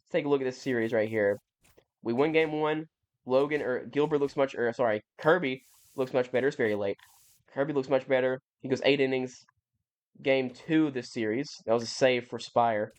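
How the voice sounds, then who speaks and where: A man's voice: medium pitch, normal speed. Young dude rambling over his game, keeps fixing what he said, bit exasperated. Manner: rambling, self-correcting, mildly exasperated. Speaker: gaming YouTuber. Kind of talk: casual gameplay commentary.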